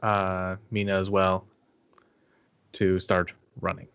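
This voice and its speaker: A man's voice: low voice, completely flat delivery, slow pace, fairly bright tone, clear, resonant tone, no echo. A man playing in a tabletop game, chatting casually with laid-back, brief replies. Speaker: player.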